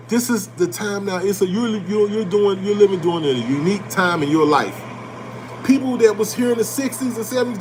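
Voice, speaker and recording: A man hosting an animated motivational talk on finance, blunt and preachy, repeating his points and swearing casually. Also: high-pitched, a little hiss or hum. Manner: preachy and emphatic, repeating lines for effect. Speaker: host.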